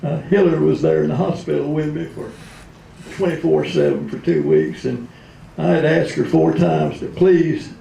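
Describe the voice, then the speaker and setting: A man's voice: on the high side, lively intonation, moderate pace, creaky, warm tone, muffled recording, a little hiss or hum, voice pushed up. A man doing a drawling politician. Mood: joking. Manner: drawling, chuckling, rambling. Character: folksy rambling male politician from the South, older. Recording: roomy hall.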